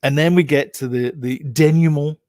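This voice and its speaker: A man's voice: fairly high pitch, steady tone, normal speed, a little mellow, no echo, studio quality. A man co-hosting a casual film review chat, rambling with many fillers and restarts.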